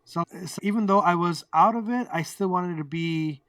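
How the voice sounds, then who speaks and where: A fairly high-voiced man tells his own story as an interview guest. He talks in a candid, animated way, acts out heated exchanges and swears without holding back. The mic sits a little away from him in a dry, deadened room. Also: normal speed, no echo, far from the mic. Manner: animated, acts out quoted arguments, swears freely.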